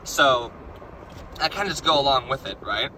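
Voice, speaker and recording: A man's voice: medium pitch, moderate pace, bright, forceful tone, slight background noise, low-quality recording. A young man casually recounting a strange dream, rambling with stumbling restarts and lots of "right?" and "like". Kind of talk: casual storytelling.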